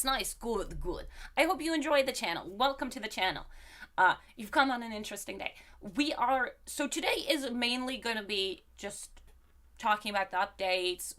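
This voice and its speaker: Sick woman streamer, bright chatty voice. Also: mid-range voice. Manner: chatty, greets viewers by name, bouncy. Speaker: game streamer. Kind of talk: casual live-stream chat.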